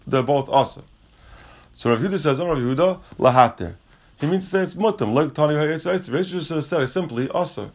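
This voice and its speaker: A man teaching a Talmud lesson, reading Aramaic lines and explaining them casually in English. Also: mid-range voice. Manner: casual, restates points, frequent restarts.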